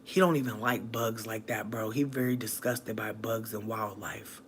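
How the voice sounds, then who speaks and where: A streamer high on weed gummies, rambling and swearing through casual late-night livestream chat, breaking into shrieking laughter. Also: steady tone, moderate pace, slight background noise.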